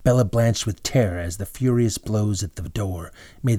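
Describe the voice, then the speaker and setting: A man's voice: lowish voice, normal speed, hardly any pauses, warm tone, no echo, studio quality. A man narrating a storybook dramatically, dropping into whispers at tense moments.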